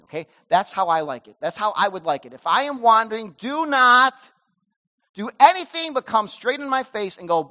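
A middle-aged male pastor preaches a sermon in church with a high-sitting voice and a brisk pace. He's animated, swinging between loud emphasis and soft asides.

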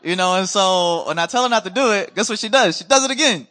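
A man preaching a sermon as a missionary, telling stories in a lively conversational way and acting out what others said. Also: high voice, quick pace. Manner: animated, acts out quoted voices, conversational. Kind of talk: storytelling sermon. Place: church.

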